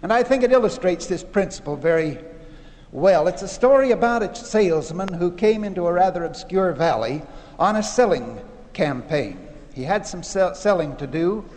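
A man, a church leader, telling a folksy fable in an animated way and putting on voices for the characters. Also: sits high. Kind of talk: storytelling talk. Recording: long hall reverb.

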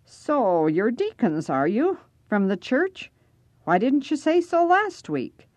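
A woman putting on a raspy, gruff old man. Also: a little high, big pitch swings, slow, a little mellow, no room sound, pitched above the performer's own voice.

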